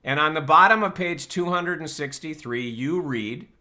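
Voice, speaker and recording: A man's voice: fairly high pitch, normal speed, bright, forceful tone. A man hosting a live online Q&A show, talking casually and explaining his ideas through rhetorical questions. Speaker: host and personal-growth teacher.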